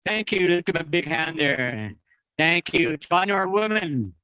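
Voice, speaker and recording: A man's voice: fairly high pitch, expressive, a little slow, bright, forceful tone, clean tone, dry recording, low-quality recording. A man from the Apache nation, emceeing a dance at an outdoor festival, friendly and teaching, getting the crowd to repeat words. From Apache nation, North America. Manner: friendly, teaching, gives the audience phrases to repeat.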